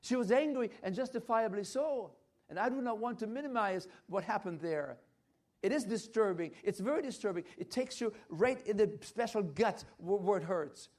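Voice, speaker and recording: A man's voice: high-pitched, lively intonation, normal speed. An older man giving a church health lecture, emphatic and repetitive, with frequent hesitant restarts. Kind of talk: health talk at a church conference.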